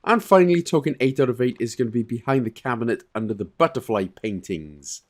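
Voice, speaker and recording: A man casually talking through a puzzle game walkthrough, relaxed and chatty, with fillers and quick self-corrections. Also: mid-range voice. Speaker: game guide creator.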